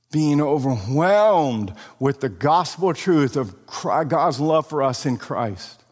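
A man's voice: on the high side, sing-song, takes it slowly. A man delivering a sermon in an earnest, emphatic way, recorded in a hall. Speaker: preacher. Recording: long hall reverb.

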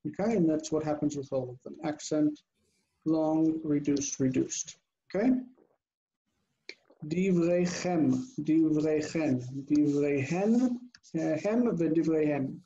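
A man's voice: on the high side, animated, moderate pace, mellow, dull audio. A man teaching a Hebrew grammar class online, patiently drilling word forms and quizzing his students. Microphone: video call.

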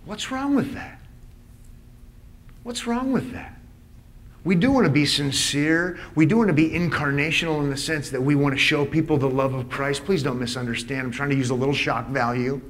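A man preaching a live conference sermon in a church, emphatic, with punchy repeated lines and rhetorical questions, swinging between hushed asides and loud exclaims. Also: mid-range voice, steady tone, fairly quick, hardly any pauses. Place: church sanctuary before a live audience.

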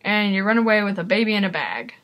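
A woman with a mid-range voice reacts to a video at a quick pace, giving casual commentary. She's excitable, exclaiming often and speaking straight to her viewers.

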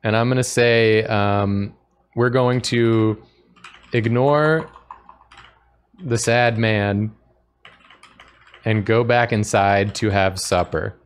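A man's voice: fairly low pitch, steady tone, slow pace, pauses often, clear, resonant tone. A man co-hosting a stream in casual chat, reading a text adventure's story aloud with frequent chuckles. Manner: amused, chuckles often while reading. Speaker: stream co-host.

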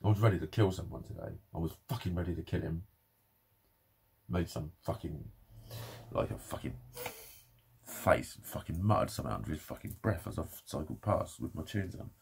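A man's voice: low voice, lively intonation, fairly quick, creaky, long pauses, darkish tone, breathy edge. A young man ranting in a personal vlog, swearing constantly and sounding frustrated and bitter. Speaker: vlogger. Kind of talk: angry personal vlog rant.

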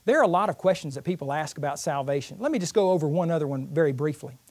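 A man's voice: fairly high pitch, animated, quick pace, a little mellow. A man teaching a Bible lesson in an earnest, explanatory way, using everyday analogies. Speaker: preacher.

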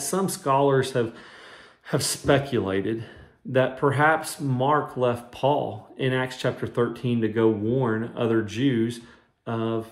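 A man who is a minister, giving a short devotional sermon in an earnest, conversational way and weaving in scripture quotes. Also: medium pitch. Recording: roomy echo.

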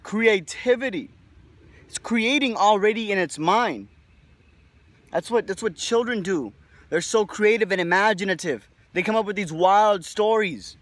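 Young male host, high-pitched voice, rambling profane self-help talk full of "right?" tags. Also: normal speed, fairly bright tone, no echo. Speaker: video host. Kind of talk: casual motivational monologue.

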